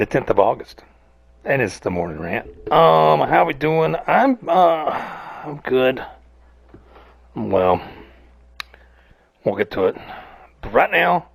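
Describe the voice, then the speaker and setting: A gravelly-voiced man rants casually, rambling and swearing as he jumps between topics. His pitch swings up and down a lot. The sound is close and dry, with no room around it. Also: very animated, slow pace, pauses often, no room sound. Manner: rambling, profane, self-mocking. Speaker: podcast host. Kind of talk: casual rant.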